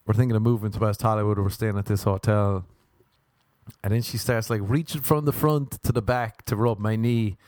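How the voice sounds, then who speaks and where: A young Irish man telling a rambling, animated story. He laughs and jumps up in pitch for emphasis. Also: normal speed, no echo, studio quality. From Ireland. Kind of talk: casual storytelling monologue.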